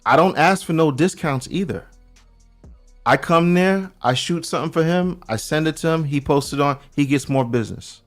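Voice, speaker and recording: Animated New York man telling stories. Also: on the high side, normal speed, faint music behind. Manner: animated storyteller, acts out quoted voices, loose slangy talk. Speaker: podcast guest. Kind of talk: casual chat. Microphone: remote call.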